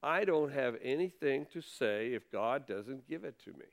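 A man's voice: medium pitch, lively intonation, moderate pace, vocal fry. A man preaching a conversational sermon from the pulpit, reading scripture and stressing key words. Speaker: pastor.

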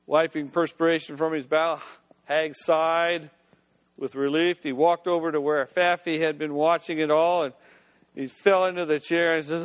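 A man with a high voice narrates a story in an unhurried, folksy manner. He drops in "well" asides and restarts lines. His voice carries a long hall reverb. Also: level tone.

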